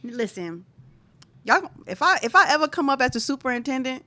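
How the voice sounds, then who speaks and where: A woman's voice: very animated, fairly quick, pushed and bright. A woman co-hosting a podcast in casual chat, speaking emphatically with heated outbursts. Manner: emphatic, heated, swings high when outraged. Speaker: podcast co-host.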